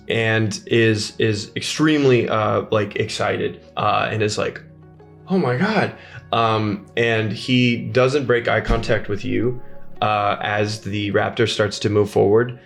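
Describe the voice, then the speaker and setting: Gravelly low-voiced male game master. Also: a bit bright. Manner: halting, many fillers. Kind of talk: narrating a tabletop game.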